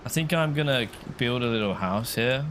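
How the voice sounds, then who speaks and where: A man's voice: medium pitch, lively intonation, normal speed, a bit bright, a little hiss or hum. A man chatting casually while he streams a game, rambling and answering viewers' comments. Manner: chatty, rambling, reads chat aloud.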